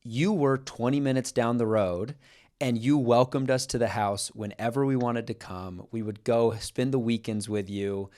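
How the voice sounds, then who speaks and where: A man's voice: medium pitch, normal speed, a little mellow. A young man from Kansas co-hosting a podcast, speaking in an earnest, reflective way with frequent restarts. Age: young adult. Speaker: podcast co-host. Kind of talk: casual podcast chat.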